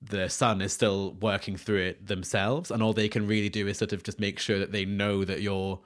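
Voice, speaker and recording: A man's voice: fairly low pitch, level tone, normal speed. A young man co-hosting a podcast in casual chat, playful and jokey, often breaking into laughter. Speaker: podcast co-host.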